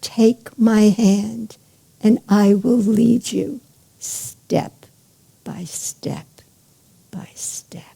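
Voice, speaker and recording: A woman voicing a calm wise male sage who speaks gently and reassuringly, trailing off into a whisper. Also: medium pitch, slow, gravelly, slightly rough, heavily acted.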